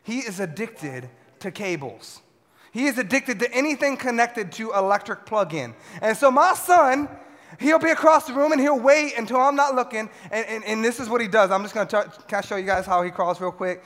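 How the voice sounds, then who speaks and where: A young man preaching a sermon to a youth audience in an animated way, swinging between loud shouts and quiet asides. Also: high-pitched, normal speed. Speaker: youth pastor. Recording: long hall reverb.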